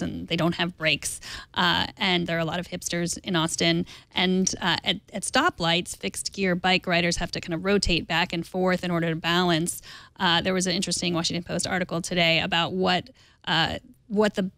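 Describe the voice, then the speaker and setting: A woman hosting a tech news show, walking through stories in a loose, chatty way with a dry sense of humor. Her voice sits on the low side for a woman. The sound is close and dry, with no room echo. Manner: relaxed, chatty news delivery with light humor. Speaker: host.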